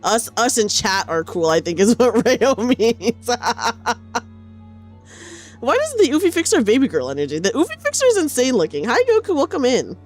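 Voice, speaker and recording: A woman streamer chatting casually with her viewers during a game, animated and chatty. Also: on the high side, moderate pace, faint music behind. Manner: animated, chatty, reads chat aloud.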